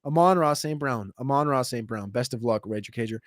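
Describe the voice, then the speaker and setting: A man hosting a casual livestream Q&A, answering viewer questions in a quick, chatty way with sudden jumps in pitch. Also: no echo, studio quality. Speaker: fantasy football show host.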